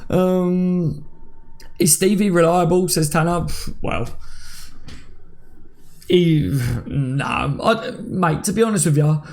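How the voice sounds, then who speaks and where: A man's voice: high voice, slow, pauses often, a little mellow. A man in his thirties hosting a casual live stream, chatting with viewers and reading out their comments by name. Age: 30s. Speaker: livestream host.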